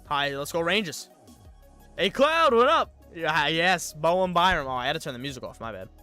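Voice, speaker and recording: A man's voice: fairly high pitch, fast, sharp tone, clean tone, faint music behind. A young man rambling through live-stream sports commentary, thinking aloud and getting himself worked up.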